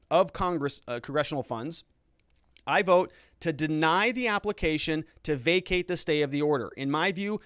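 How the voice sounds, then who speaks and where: A man's voice: on the high side, a bit bright, dry recording, studio quality. A middle-aged man hosting legal and political commentary, talking to his viewers in a mocking, sarcastic way.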